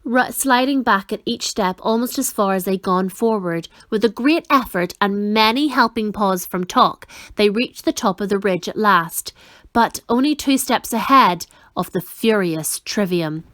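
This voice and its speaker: A woman reading a children's novel aloud in an expressive storytelling manner. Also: mid-range voice, a little slow, no echo, clean studio sound. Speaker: reader.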